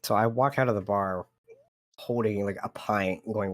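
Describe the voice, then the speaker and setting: Blunt, low-voiced player. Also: male voice, fairly even intonation, moderate pace, dry recording. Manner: blunt, crude, swears freely. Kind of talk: tabletop role-play.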